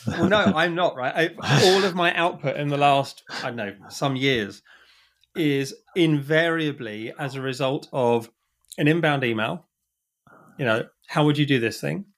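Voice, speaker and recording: A man's voice: a little high, unhurried, fairly bright tone. A man talking casually as a podcast guest, chatty and self-deprecating, often restarting his sentences. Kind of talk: casual conversation.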